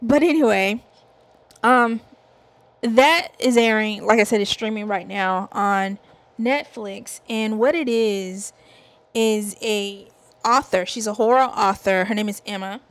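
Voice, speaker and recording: A woman's voice: mid-range voice, slow. Chatty Southern woman host, loose and giggly TV recap. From American South. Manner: chatty, giggly, rambling asides. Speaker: TV review host. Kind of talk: casual chat.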